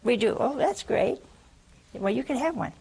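An older woman preaching a sermon, humorous and animated, acting out the quotes she tells. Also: on the high side, normal speed, creaky, husky.

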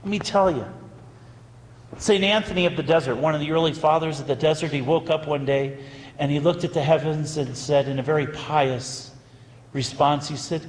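A priest telling a story in a sermon, animated and anecdotal, with dramatic pauses. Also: male voice, on the high side, slight background noise. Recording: echoey hall with long reverb.

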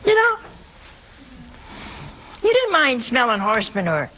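A woman hosting a call-in show as a religious sister, giving emphatic spiritual advice with wide swings in pitch. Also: huge pitch swings, slow pace, bright, forceful tone, a little hiss or hum, rough recording.

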